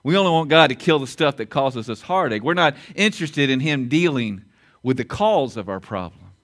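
A male pastor preaching a sermon, emphatic, repeating key lines and swinging between loud and quiet. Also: medium pitch, sing-song, normal speed. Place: church auditorium.

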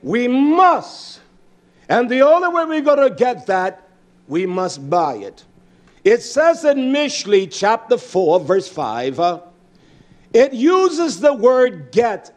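High, animated male preacher. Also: takes it slowly. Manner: emphatic, swings between loud bursts and low murmurs; addresses congregation directly with questions. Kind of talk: sermon.

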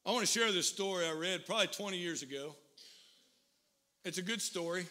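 A man preaching a sermon as pastor, telling a story with rising intensity and emphatic pauses. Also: high-pitched, bright, forceful tone. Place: church.

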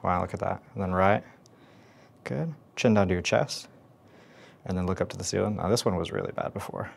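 A male chiropractor talking a patient through treatment in a calm, instructive way with the odd light joke. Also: low-pitched, brisk, vocal fry, breathy edge.

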